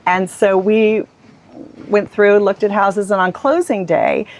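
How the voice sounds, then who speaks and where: A middle-aged woman in an interview, an animated storyteller who acts out the voices she quotes. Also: mid-range voice, slow pace, a little hiss or hum. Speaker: real estate agent, guest.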